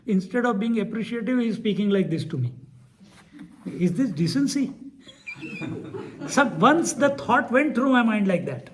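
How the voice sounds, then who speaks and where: High-voiced man telling a lively story. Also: slight background noise. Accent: Indian. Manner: animated, laughing often, mixes in Hindi phrases. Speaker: spiritual teacher. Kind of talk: storytelling discourse.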